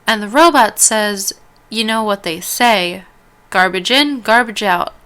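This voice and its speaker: A woman reading an interactive story game aloud as a let's-play host, stumbling over words, restarting lines and dropping quick asides. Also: medium pitch, a bit bright.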